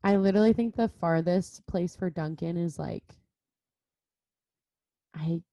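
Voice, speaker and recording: Mellow young woman, low-key. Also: no echo. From California. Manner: says "like" constantly, drawn-out filler-heavy talk. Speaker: podcast host. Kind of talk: casual chat.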